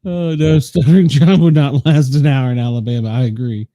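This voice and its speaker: A man hosting a podcast who laughs often and talks in a relaxed, easygoing way. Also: medium pitch, fairly quick, dry recording. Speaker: podcast host. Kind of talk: casual podcast chat.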